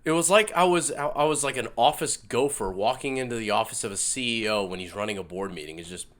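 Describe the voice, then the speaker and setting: A man's voice: mid-range voice, quick pace. A man in his thirties hosting a casual book review monologue, with wry joking asides. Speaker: book review show host. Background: loud music.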